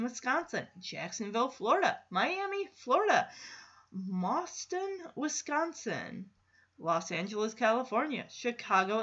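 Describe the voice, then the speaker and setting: A woman hosting a podcast alone in casual chat, chatty and excitable, with frequent laughs. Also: on the high side, highs cut off. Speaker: podcast host.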